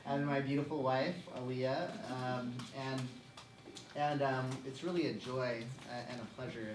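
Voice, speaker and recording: A man's voice: mid-range voice, steady tone, measured pace. Brief: young man, easygoing speaker, laughs as he tells stories, recorded from afar in an echoey church hall. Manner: chatty, self-deprecating, laughing often. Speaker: guest speaker at a parish event. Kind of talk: conversational talk with humorous anecdotes. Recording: echoey room, distant mic, background noise.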